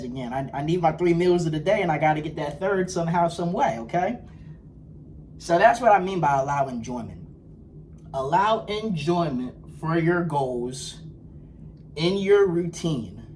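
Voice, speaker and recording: A man acting as a self-styled life coach, giving a motivational lecture to camera in a preachy, scolding, emphatic way. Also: a little high. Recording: distant mic with faint background noise.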